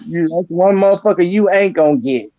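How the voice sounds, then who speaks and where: A man's voice: sits high, a little fast, no echo, dull audio. A man hosting an online roast, ranting and mocking a rival with heavy cursing. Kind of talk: profane roast rant.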